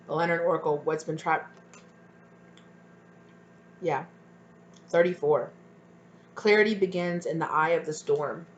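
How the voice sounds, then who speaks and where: A tarot reader does a pick-a-card reading, speaking earnestly and emotionally straight to her viewers and offering spiritual encouragement. Her voice is fairly low and sharp in tone, with lo-fi sound.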